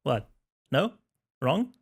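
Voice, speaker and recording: A man co-hosting a casual gaming podcast, jokey and rambling, laughing often and filling pauses with ums. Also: medium pitch, big pitch swings, breathy edge. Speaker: podcast co-host.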